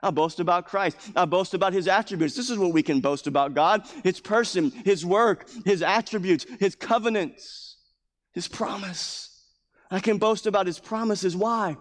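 A pastor preaching a sermon with emphatic delivery, repeating key phrases and acting out scripture quotes. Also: male voice, high-pitched, moderate pace. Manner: acts out scripture quotes in a raised voice. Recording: long hall reverb.

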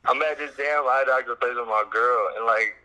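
A man from Chicago tells his story in a loose, rambling way, packing it with fillers and curses. His voice comes through very bright and sharp. It sounds like a tinny phone line. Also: medium pitch, a little fast. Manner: loose, laid-back, heavy on fillers and swearing. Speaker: musician guest. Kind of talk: casual storytelling interview.

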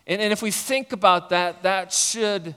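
A man preaching a sermon as a pastor, speaking earnestly and deliberately. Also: high voice, fairly bright tone, clear, resonant tone. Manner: earnest, slow and deliberate, reading a letter aloud. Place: church sanctuary. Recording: long reverb of a large hall.

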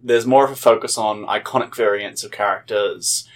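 A man's voice: lowish voice, moderate pace. A man co-hosting a podcast from Australia, chatting casually and enthusiastically about comics with rambling asides. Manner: enthusiastic, rambling, jumps into mock voices. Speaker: podcast co-host. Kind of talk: casual chat.

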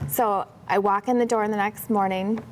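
A woman's voice: mid-range voice, moderate pace, a little hiss or hum. A woman, a professional organizer, telling stories in a casual interview and acting out the dialogue in a livelier voice. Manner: animated, acts out dialogue in a brighter voice.

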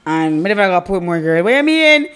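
A woman's voice: on the low side, big pitch swings, fast talker, fairly bright tone, clear, resonant tone. A woman, co-hosting a casual chat, teasing and joking as she tells her own stories. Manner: teasing, joking, chatty storyteller. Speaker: podcast co-host.

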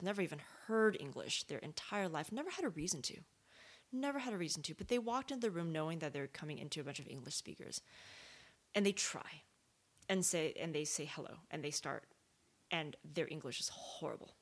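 A woman in casual conversation, thinking aloud with many fillers and rhetorical questions. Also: low-pitched. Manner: thoughtful, animated, lots of fillers and rhetorical questions.

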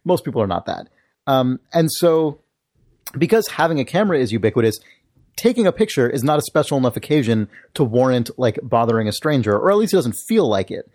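A man co-hosting a podcast in casual chat, thoughtful and measured as he talks ideas through. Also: mid-range voice, big pitch swings, darkish tone. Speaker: podcast co-host.

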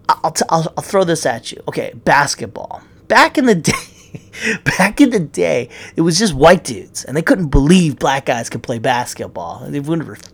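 A man's voice: fairly high pitch, vocal fry. Rambling, profane male ranter. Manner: rambling, profane, restarts a lot. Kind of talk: casual opinion rant.

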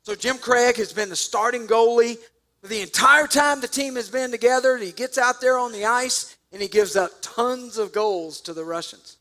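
A man preaching a sermon, telling a story with jokes and sudden loud bursts. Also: very high-pitched, moderate pace. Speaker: pastor.

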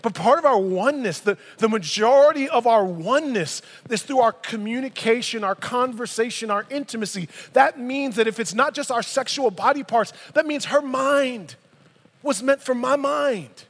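A man's voice: extremely high pitch, moderate pace, fairly bright tone. A man in his thirties preaching a sermon in a church, reading scripture and breaking into casual, emphatic asides. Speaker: pastor. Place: church sanctuary. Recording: long reverb of a large hall.

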